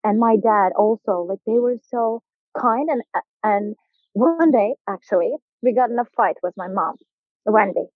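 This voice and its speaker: A young woman from Turkey, speaking with a Turkish accent in an unhurried, medium-pitched voice, shares an animated story as a podcast guest. The line sounds tinny and phone-like, dry with no room sound, and she often laughs while acting out the people in her tale.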